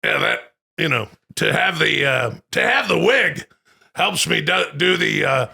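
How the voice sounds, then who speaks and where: A man's voice: a little high, big pitch swings, a little slow, gravelly, bright, forceful tone, husky. A man co-hosting a podcast in casual chat, rambling and swearing with many restarts. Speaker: podcast co-host.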